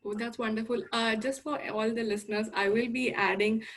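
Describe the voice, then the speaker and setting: A woman's voice: on the high side, fairly even intonation, a little fast, a bit bright. A woman hosting an interview show over a video call, upbeat and encouraging as she introduces segments and asks questions. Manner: upbeat, encouraging, many you-knows. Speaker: podcast host.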